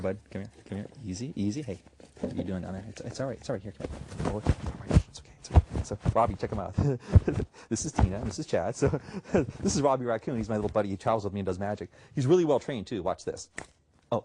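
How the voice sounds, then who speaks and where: A man's voice: on the low side, a little mellow, slightly rough. A man doing comic stage patter as a magician, playful and chuckling between jokes.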